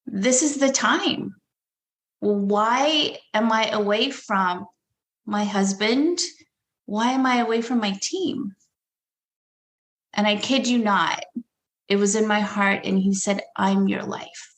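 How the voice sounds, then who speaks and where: An earnest woman tells a personal story at an unhurried pace. Her voice carries a roomy echo. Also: medium pitch. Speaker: guest. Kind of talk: casual storytelling.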